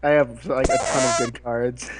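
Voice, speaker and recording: An excitable young man chatting over a voice call during a card game. His voice jumps around, yelping high in mock outrage. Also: moderate pace, very noisy. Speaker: player. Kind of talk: casual gaming chat.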